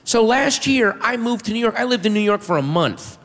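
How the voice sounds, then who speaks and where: A man doing a stand-up comedy set, telling a story with animated delivery and shouting his punchlines. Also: high voice, a little fast. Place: comedy club stage with audience. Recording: reverberant room with faint audience.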